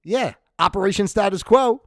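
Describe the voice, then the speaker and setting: A man's voice: high-pitched, normal speed. A man from New Jersey hosting a casual livestream, ranting in a loose, profane way and laughing at his own jokes. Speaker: livestream host.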